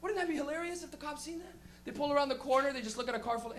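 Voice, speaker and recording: A stand-up comedian doing a live set, rowdy and profane, breaking into loud shouted impressions. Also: high voice, rapid-fire, few pauses.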